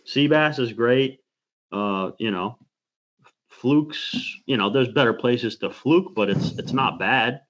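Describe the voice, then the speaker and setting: A man co-hosting a fishing podcast in casual chat, telling rambling, animated stories. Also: mid-range voice, slow, lo-fi sound. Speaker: podcast co-host.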